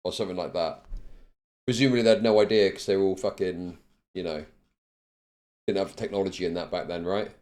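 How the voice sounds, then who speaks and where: A man's voice: deep voice, brisk, pauses often, a little mellow. A man giving blunt, profane live-stream commentary on news clips, laughing often.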